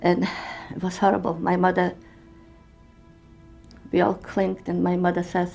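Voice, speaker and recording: Older woman, halting testimony. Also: fairly low pitch, monotone, gravelly, darkish tone, soft background music. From Poland. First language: Yiddish. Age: 70s. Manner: halting, emotional storytelling with broken English. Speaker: interviewee. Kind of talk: personal testimony.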